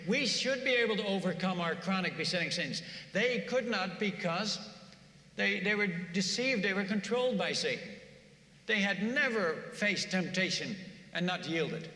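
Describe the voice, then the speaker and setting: Bright-voiced preacher man, echoey church. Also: high-pitched, moderate pace. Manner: animated, conversational, repeats words. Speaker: preacher, former missionary. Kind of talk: sermon storytelling. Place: church sanctuary.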